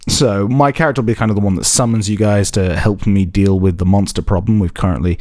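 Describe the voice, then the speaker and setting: A man's voice: fairly low pitch, steady tone, fast talker, darkish tone, dry recording, studio quality. A man hosting a tabletop role-playing podcast as game master, chatty and joking, laughing often. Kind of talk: casual tabletop podcast chat.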